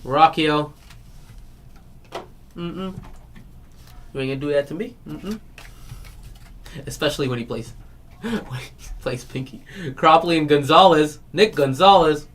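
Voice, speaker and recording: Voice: medium pitch, measured pace, pauses often, fairly bright tone. Chatty card break host, noisy stream. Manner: chatty, laughs often, retells comedy bits. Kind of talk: casual live-stream chat.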